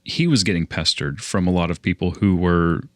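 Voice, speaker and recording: Young male podcast co-host, very low voice, dry close sound, rambles and restarts a lot. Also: moderate pace, a bit bright, dry recording. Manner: rambling storyteller with frequent restarts. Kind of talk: casual podcast chat.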